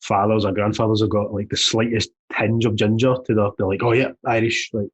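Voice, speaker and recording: A man's voice: lowish voice, level tone, a little fast, slightly rough, low-quality recording. A man co-hosting a podcast, chatting bluntly and swearing often. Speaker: podcast co-host. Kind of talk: casual chat.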